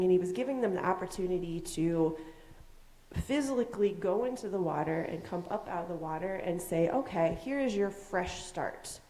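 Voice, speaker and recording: In an echoey church sanctuary, a woman leading the children's message tells kids a story as a children's sermon. Her mid-range voice is animated as she asks questions and acts out different voices.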